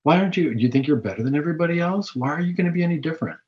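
A man voicing a tempting male devil who goads with rapid-fire mocking questions. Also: on the high side, lively intonation, voice pushed up, lightly acted. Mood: taunting. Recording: dull lo-fi recording.

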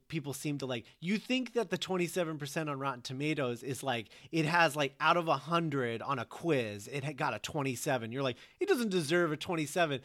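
A man's voice: on the high side, a bit bright. A man in casual conversation who explains his points at length in a lecturing way. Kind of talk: casual chat.

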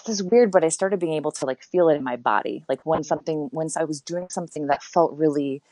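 A woman in her thirties with a low voice talks candidly as an interview guest, often stopping and restarting her sentences. The recording is dry and close. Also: quick pace, mellow, no echo, rough recording. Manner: reflective and candid, with frequent fillers and restarts. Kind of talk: casual interview chat.

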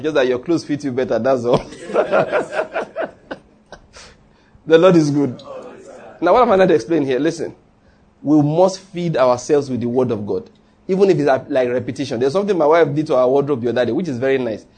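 A man preaches to his congregation in a slightly husky, fairly high voice. He keeps it light and conversational, joking between points and calling out lines for the room to repeat. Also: expressive, brisk, darkish tone. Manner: humorous, conversational preaching with call-and-response. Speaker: pastor. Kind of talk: sermon.

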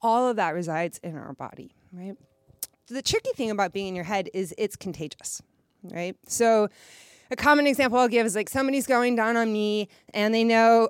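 A woman's voice: medium pitch, normal speed, clean tone, no room sound. A woman leading a live workshop for a group, talking candidly and laughing often, with a slight nervous shake in her voice. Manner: candid, frank, laughs often, says "right?" a lot. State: nervous, voice a little shaky. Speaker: workshop leader. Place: room with a live audience.

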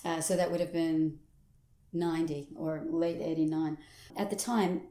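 Older woman, actress guest, animated storyteller, slightly low voice, roomy echo. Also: unhurried. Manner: animated storyteller who acts out quoted voices and laughs often. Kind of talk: casual interview chat.

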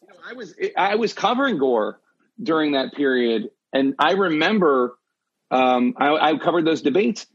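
A man, a news anchor, hosting a casual chat, talking quickly with frequent restarts. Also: on the high side, big pitch swings, breathy edge, highs cut off.

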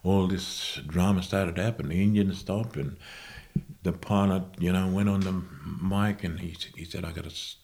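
Man, very low voice, interview guest; slow, halting storytelling that keeps correcting itself. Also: steady tone, darkish tone. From Australia. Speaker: guest musician.

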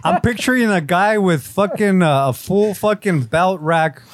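A man's voice: high-pitched, measured pace, no room sound. Joking man, dry close sound. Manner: joking, swears freely, mixes in Spanish. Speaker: podcast co-host. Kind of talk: casual chat.

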